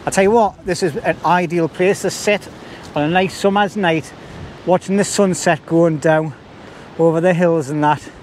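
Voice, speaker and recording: Brief: bushcraft vlogger, jokey and chatty, slightly high voice, faint wind noise. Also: male voice, steady tone, moderate pace, darkish tone. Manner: jokey, chatty, laughs a lot. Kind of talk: casual chat to camera. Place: windy woodland outdoors. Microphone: camera mic.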